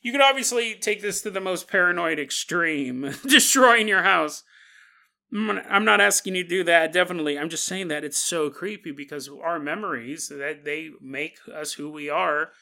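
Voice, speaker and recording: A man hosting a solo podcast, telling a story in an animated way and laughing as he acts out quotes. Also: fairly high pitch, moderate pace, creaky. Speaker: podcast host. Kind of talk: casual solo podcast monologue.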